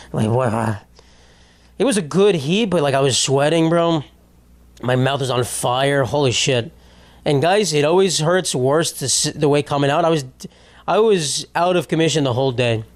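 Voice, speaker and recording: A young man hosting his own comedy podcast, ranting in a profane, rambling and self-mocking way. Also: a little high. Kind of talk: solo comedic podcast rant.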